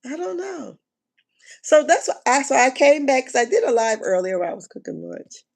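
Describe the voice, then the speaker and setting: A woman chatting casually on a live stream, animated and slangy, often laughing and exclaiming. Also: high voice, fast. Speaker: reality TV commentator.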